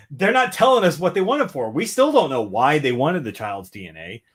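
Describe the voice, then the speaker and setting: A man's voice: a little high, normal speed, husky. A man co-hosting a podcast in casual chat, ranting and swearing freely. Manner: profane, ranting, animated. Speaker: podcast co-host.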